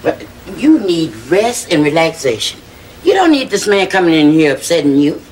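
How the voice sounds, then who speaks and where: A woman's voice: low voice, sing-song, normal speed, darkish tone, slight background noise. An actress in a TV show playing a woman who firmly protects a sick friend from a visitor. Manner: firm, insistent.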